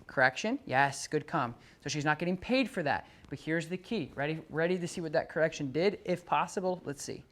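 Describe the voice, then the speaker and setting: A dog trainer working with a dog in front of its owner. The trainer explains calmly to the owner, then calls out commands and loud, high praise to the dog. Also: fairly quick, few pauses. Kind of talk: hands-on training demonstration.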